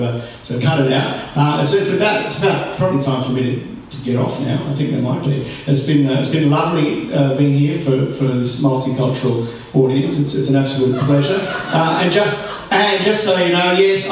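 A man's voice: on the high side, slight background noise. A man with an Australian accent doing a stand-up set in a comedy club, wry and rambling with lots of ums and uhs. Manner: rambling, wry, with many fillers. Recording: echoey club room, distant mic. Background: audience ambience.

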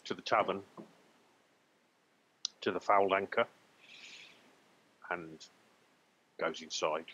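Male game master, husky, hesitant narration, muffled stream audio. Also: deep voice, takes it slowly, a bit bright. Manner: hesitant, filler-heavy narration.

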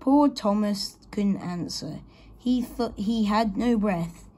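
A woman reading a children's story aloud in a slow, gentle storybook manner. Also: mid-range voice, slight background noise.

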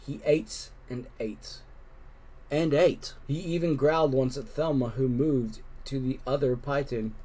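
Mellow man reading a children's book. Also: mid-range voice, unhurried. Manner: gentle, expressive narration. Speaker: storybook reader. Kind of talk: children's book read-aloud.

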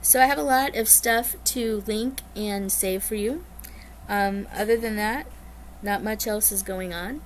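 A woman chatting casually to her viewers in a rambling, bubbly way, often getting excited. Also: mid-range voice, a little slow, slight background noise. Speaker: cross-stitch vlogger. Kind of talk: casual chat to camera.

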